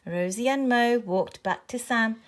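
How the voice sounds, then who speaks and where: A woman reading a children's story aloud in a clear, expressive way. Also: fairly high pitch, unhurried, a little hiss or hum.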